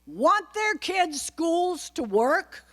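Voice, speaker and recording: A woman's voice: very high voice, very animated, very slow, a bit bright. A woman giving an informal political talk to a live audience, chatty and wry, full of asides. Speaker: guest speaker at a political club.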